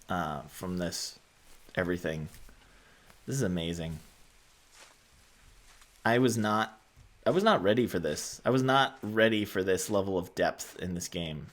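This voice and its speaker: A man hosting a gaming channel, giving quiet, soft-spoken let's-play commentary and musing aloud as he explores. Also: deep voice, animated, a little slow, pauses often.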